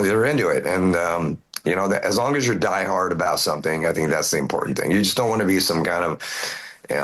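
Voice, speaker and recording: A middle-aged man with a fairly low voice talks loosely as an interview guest. He rambles and restarts sentences, leaning on fillers as he goes. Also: fairly bright tone. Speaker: metal band singer, guest. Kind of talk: casual interview chat.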